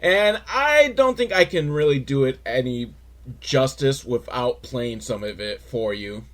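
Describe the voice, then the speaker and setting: A man's voice: mid-range voice, lively intonation, measured pace. A man hosting a comedic recap of a TV episode, talking in a wry, rambling way with lots of filler words. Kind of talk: casual comedic commentary.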